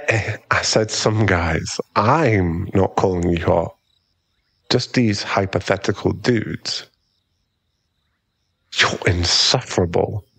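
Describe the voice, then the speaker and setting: A man's voice: on the low side, vocal fry, a bit bright, slightly rough, no echo, full character voice. A man voicing a cocky, mocking young male bully in a whispered role-play, with a smug, drawling manner close to the mic. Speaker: ASMR roleplay performer.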